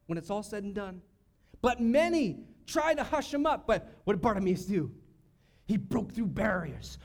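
A male pastor preaching a sermon, swinging between loud cries and hushed, quiet lines. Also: high voice. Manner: preaching with sudden shouts and hushed drops.

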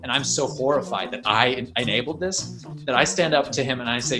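Rambling, animated young man telling stories. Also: medium pitch, brisk, a crowd in the background. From New York State. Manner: rambling, animated storyteller with many "like"s. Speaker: puppeteer guest. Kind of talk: casual interview storytelling.

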